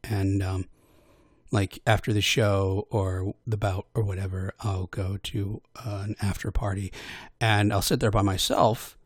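A man talks loosely about doing voice work for audio posts, hesitating, mocking himself, restarting sentences and filling gaps with filler words, though he briefly puts on character voices to quote people. His voice is on the low side with a breathy edge and little pitch movement, captured in clean studio sound without any room echo.

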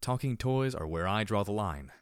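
A man's voice: on the low side, animated, normal speed, clean tone, dry recording. A man reading first-person fiction aloud as an audiobook narrator, reflective with a dry, sardonic edge.

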